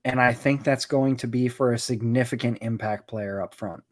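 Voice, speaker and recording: Podcast guy breaking down hockey rosters, steady and chatty, says "you know" a lot. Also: mid-range voice, moderate pace. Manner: steady, analytical, uses "you know" often. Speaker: podcast co-host. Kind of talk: casual hockey chat.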